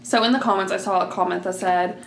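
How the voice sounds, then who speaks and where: A woman's voice: mid-range voice, steady tone, fast, gravelly. A woman in her twenties from the American North, co-hosting a podcast in casual, blunt, chatty talk. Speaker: podcast co-host. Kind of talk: casual chat. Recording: echoey room with faint hiss.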